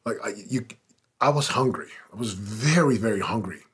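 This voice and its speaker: Husky, low-voiced man telling his story. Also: lively intonation, normal speed. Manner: earnest, emphatic, swells with intensity. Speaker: guest. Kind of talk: conversational interview storytelling.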